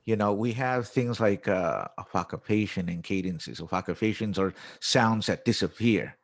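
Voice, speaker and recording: A man's voice: on the low side, moderate pace. A man who is an English teacher and musician, explaining his method in a conversational interview and acting out classroom phrases as he goes.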